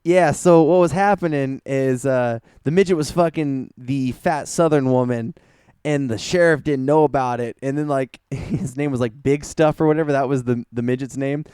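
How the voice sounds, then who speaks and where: A man's voice: mid-range voice, normal speed, a little mellow, clean tone, no room sound, studio quality. A young man co-hosting a podcast, talking casually and rambling, swearing and laughing often. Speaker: podcast co-host.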